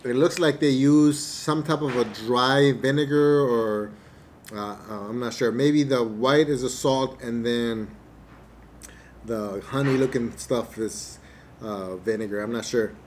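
A man doing a casual eating review to camera, relaxed and hesitant, with many fillers and chewing pauses, a little away from the mic. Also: medium pitch, slight background noise. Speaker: mukbang vlogger. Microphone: camera mic at table distance.

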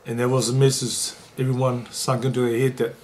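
A man, a former rugby league player telling an emotional story in an interview and getting lively when he quotes others. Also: mid-range voice, a little fast, a little hiss or hum. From New Zealand.

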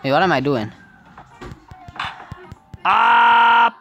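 A woman's voice: medium pitch, animated, extremely slow, dull audio, loud music behind the voice. A woman giving casual gameplay commentary, often exclaiming in frustration and laughing at the game. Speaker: gaming video creator.

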